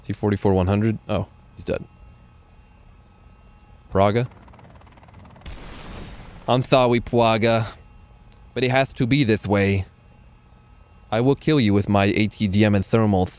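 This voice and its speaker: Sarcastic low-voiced man streaming a game. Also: measured pace, long pauses, a little mellow, smooth. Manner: joking, sarcastic, laughs often. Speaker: gaming livestreamer. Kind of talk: casual live gameplay commentary.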